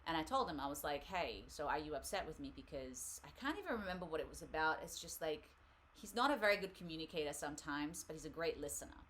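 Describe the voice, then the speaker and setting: A woman's voice: low-pitched, expressive, fast, hardly any pauses, fairly bright tone, slight background noise. A woman hosting a live tarot reading, talking casually and rambling with frequent laughs. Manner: chatty, rambling, laughs often.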